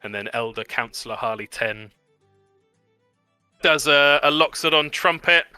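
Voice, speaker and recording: A man's voice: medium pitch, a little slow, sharp tone, clear, resonant tone, no echo, faint music behind. A man narrating a tabletop game as game master, telling the story loosely with many fillers.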